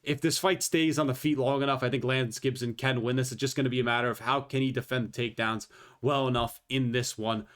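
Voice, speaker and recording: A man's voice: mid-range voice, fairly even intonation, fast talker. Male fight-prediction vlogger, offhand and swearing, mid-range voice, loose casual delivery. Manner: rambling, profane, offhand. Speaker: MMA fight analyst.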